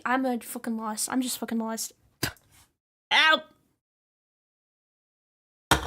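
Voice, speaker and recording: A young woman streamer in casual chat, ranting with lots of swearing and laughter. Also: a little high. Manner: profane, animated ranting with frequent laughs.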